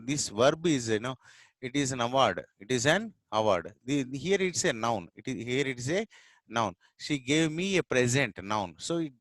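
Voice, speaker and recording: A middle-aged man from India with an Indian English accent and Telugu as his first language, explaining English words slowly in a lesson with many fillers and repetitions. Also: medium pitch, a bit bright, dry recording. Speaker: English teacher.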